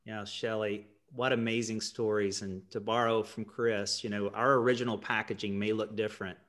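A man's voice: on the low side, little pitch movement, moderate pace, a bit bright. A man with a West Virginian accent moderating a panel, earnestly introducing guests and asking questions.

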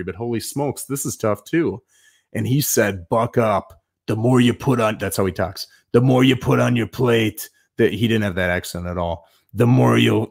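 A middle-aged man hosting a live show, casually talking viewers through his schedule in a coaching tone, often adding "man" and "right?". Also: mid-range voice. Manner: lively, swings between bursts and mumbled asides. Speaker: show host. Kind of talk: live walkthrough of his planning.

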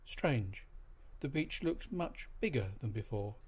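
A man narrating a short story aloud in an expressive, measured reading voice. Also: mid-range voice, slightly rough.

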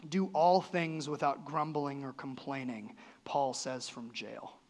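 A man's voice: medium pitch, steady tone, slow pace. A male pastor giving a sermon in a church, earnest and conversational, his voice rising and falling sharply. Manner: earnest, conversational preaching with sudden lifts and drops in voice.

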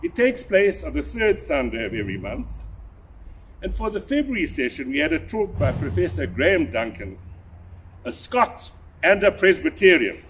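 An older man, a priest, delivering a measured, deliberate sermon with a husky voice. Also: on the high side, big pitch swings, fairly bright tone, a little hiss or hum. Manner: measured, deliberate preaching with emphatic rises.

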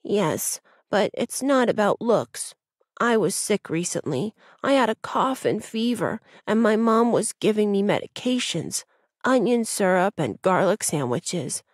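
A woman's voice: medium pitch, very animated, unhurried, dry recording, studio quality. A woman voicing a lonely, miserable little male fox in a children's audiobook. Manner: miserable, hesitant.

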